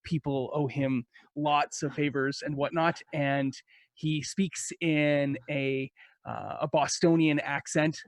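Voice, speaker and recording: A man with a fairly high voice rambles eagerly about his game character. He is heard through headphones on a video call. The sound is dry and close, with no room echo. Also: level tone, slow. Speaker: player.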